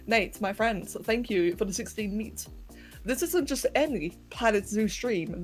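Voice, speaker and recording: A woman's voice: medium pitch, lively intonation, unhurried, faint music behind. A young woman chatting casually with viewers on a game livestream, giggling often as she works. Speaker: game streamer. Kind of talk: casual livestream chat while playing a game. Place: home bedroom.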